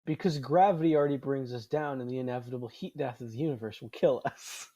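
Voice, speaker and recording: A man's voice: mid-range voice, fast talker, warm tone, no room sound. A man in his twenties hosting a casual podcast chat, rambling, swearing often and laughing a lot. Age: 20s. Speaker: podcast host.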